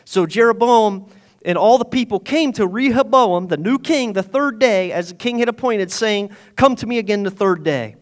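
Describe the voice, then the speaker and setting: A man with a noticeably high voice delivers a sermon. He reads scripture aloud, then paraphrases it in plain everyday talk. His delivery swings between loud and hushed. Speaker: pastor.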